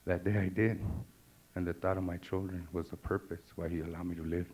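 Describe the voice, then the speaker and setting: A man's voice: deep voice, little pitch movement, brisk, darkish tone, husky. A middle-aged man telling a raw personal story full of street slang and profanity. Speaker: speaker sharing his testimony. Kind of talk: personal story told to an audience. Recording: dull lo-fi recording.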